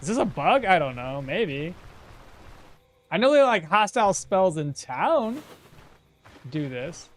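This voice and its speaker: A man's voice: sits high, very animated, takes it slowly, long pauses. A man streaming a game, chatting with viewers in an exasperated, laughing way. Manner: exasperated, laughing, talks to chat. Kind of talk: casual live-stream commentary.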